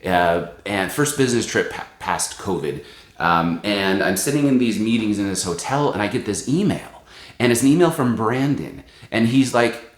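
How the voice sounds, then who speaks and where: Low-voiced male vlog host, animated and rambling with fillers, echoey room. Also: normal speed. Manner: animated storytelling, lots of "like" fillers. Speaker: book channel host. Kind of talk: excited casual vlog talk.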